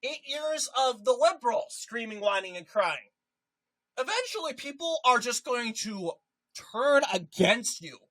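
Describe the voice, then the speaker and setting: Bright-voiced, emphatic political commentator. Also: mid-range voice, a little slow, poor audio. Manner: animated, emphatic, repeats points.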